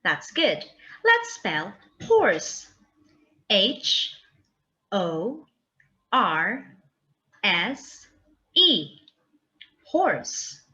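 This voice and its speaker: A woman teacher giving a slow, drawn-out vocabulary lesson for young children and spelling words aloud letter by letter. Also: mid-range voice, wildly swooping pitch, bright, forceful tone.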